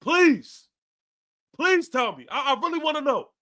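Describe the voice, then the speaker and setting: A man with a very high, sharp, bright voice rants on a live fan stream. He curses freely and hammers the same lines over and over, fired up and relentless. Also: sing-song, a little slow. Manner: profane, repetitive, fired-up ranting. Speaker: fan podcast host. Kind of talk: ranting live post-game stream.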